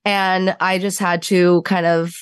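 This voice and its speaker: A woman's voice: lowish voice, slow, clear, resonant tone, no echo, clean studio sound. A woman in her twenties, a podcast guest telling her story candidly and acting out the voices of people in it. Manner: animated storyteller acting out quotes.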